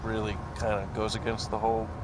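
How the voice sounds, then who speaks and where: An actor playing an unimpressed man who criticizes in a flat, dry way. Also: on the low side, quick pace, background noise, lightly acted. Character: flatly unimpressed male coworker.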